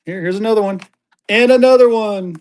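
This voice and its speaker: High-voiced upbeat livestream auction seller man. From Colorado. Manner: upbeat, rapid-fire adding items, gets excited.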